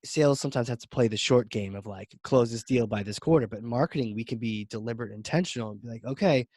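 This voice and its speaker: A man hosting a podcast interview, talking casually and enthusiastically in quick bursts. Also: medium pitch, a little mellow, dry recording, studio quality. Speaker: podcast host.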